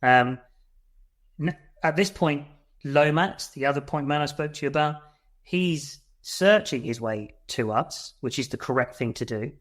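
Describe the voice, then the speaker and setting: With a voice on the high side and a measured pace, a British veteran guesting on a podcast narrates a war story. His style is blunt and sweary, complete with re-enacted shouting.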